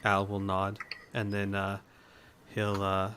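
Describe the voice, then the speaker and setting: A man playing a tabletop game, calmly describing his character's actions. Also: lowish voice, takes it slowly, clean tone. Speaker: player.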